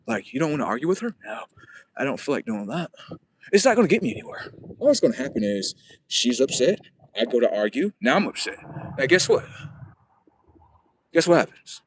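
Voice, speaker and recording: Male livestream host, higher than usual voice, loose and profane, rambling and preachy. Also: slight background noise. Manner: profane, rambling, talks back to viewers. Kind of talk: casual livestream monologue.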